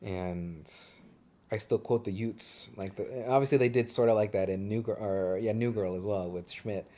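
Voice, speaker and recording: A man's voice: lowish voice, normal speed, dark tone. A young man co-hosting a movie podcast, rambling and swearing casually as he trails off and restarts his sentences. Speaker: podcast co-host.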